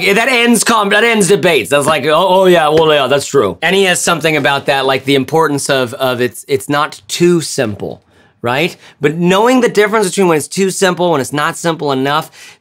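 A man with a slightly high voice talks through a bag review in a loose, rambling way. He jokes, swears now and then, and fills gaps with lots of "like" and "you know.". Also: a bit bright. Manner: rambling, joking and profane, lots of filler words. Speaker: gear reviewer and channel host. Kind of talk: casual product review vlog.

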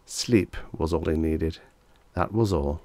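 Deep-voiced man reading a vintage story. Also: slow, dark tone, dry recording. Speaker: audiobook narrator.

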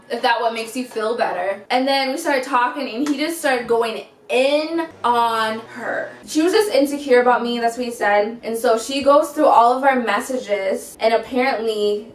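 A young woman vlogger with a high voice, telling a story in an outspoken, animated way, with plenty of slang. Her voice rings in a roomy space and is picked up from some distance away from the mic. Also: slight background noise. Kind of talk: storytime vlog.

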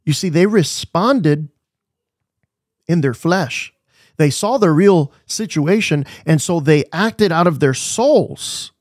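A man's voice: fairly high pitch, lively intonation, slow pace, dry recording, studio quality. A man preaching a devotional sermon, asking the listeners questions and repeating his key phrases with emphasis.

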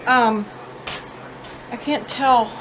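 A woman filming herself at home, telling a story-time vlog in a chatty, animated, blunt way. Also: a little high, extremely slow, a little hiss or hum. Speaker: vlogger. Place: at home with her cats. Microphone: own phone or camera, self-filmed.

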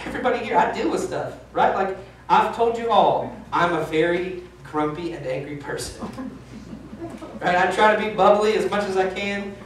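Candid pastor in an echoey church. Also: male voice, high voice, a little hiss or hum. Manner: candid, self-deprecating, emphatic. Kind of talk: sermon. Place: church sanctuary. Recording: echoey church hall from a distance.

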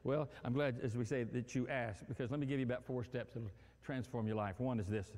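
A male pastor preaching a sermon in an animated, humorous way, acting out everyday scenes. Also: mid-range voice, a little fast, big-room sound. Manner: animated, acts out quarrels and phone calls with humor.

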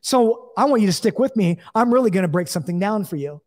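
A man's voice: high voice, animated, fast talker, a little mellow. A man walks his listeners through scripture in a loose, conversational teaching voice, stopping to check they are following. He voices the people he quotes as he reads. The room gives his voice a long, trailing reverb. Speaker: Bible teacher. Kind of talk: Bible teaching, reading and explaining scripture.

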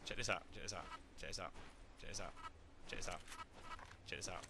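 A young man chatting through a video game playthrough in a jokey, excitable way. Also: low voice, brisk, heavy background noise. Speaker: let's play gamer. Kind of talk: casual game commentary.

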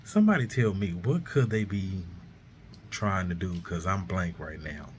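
Low, unhurried male sports vlogger, puzzled and venting; voice a bit worn, faint hiss behind. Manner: baffled, repeatedly asking what is going on. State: voice too worn to do his usual high greeting. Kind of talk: casual vlog commentary.

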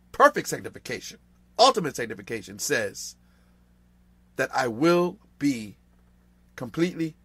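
A man teaching a Bible study lesson, emphatic and repetitive, swinging from loud stressed phrases to hushed, quiet asides. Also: a little high, dry recording.

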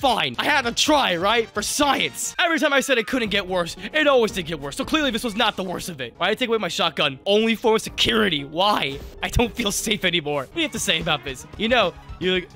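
A man's voice: high-pitched, creaky, pushed and bright. A man giving joking, jumpy let's play commentary, yelping and laughing as he plays, recorded on a close mic with game music behind. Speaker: gaming YouTuber.

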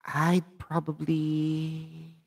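A man's voice: fairly high pitch, completely flat delivery, very slow, creaky, husky. A man with a Filipino accent hosting a live tarot reading, speaking chatty and direct to his viewers. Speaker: tarot reader and channel host.

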